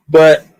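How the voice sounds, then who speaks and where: Older man, Southern-Californian mixed accent, slow rambling chatter, easygoing. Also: darkish tone. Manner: rambling, self-correcting, easygoing. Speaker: viewer chatting on a live stream. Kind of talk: casual chat.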